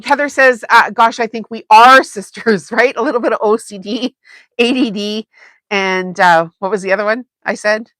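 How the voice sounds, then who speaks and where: A woman's voice: medium pitch, a bit bright, no room sound. A woman hosting a sewing livestream, chatting casually with viewers and laughing often. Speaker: sewing channel host.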